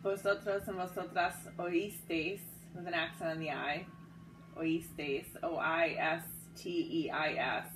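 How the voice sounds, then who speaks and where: A woman's voice: lowish voice, fairly even intonation, measured pace, fairly bright tone, soft background music, rough recording. A woman teaching a Spanish grammar lesson, patiently spelling words out letter by letter, with some fillers and self-corrections. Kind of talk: guided notes lesson.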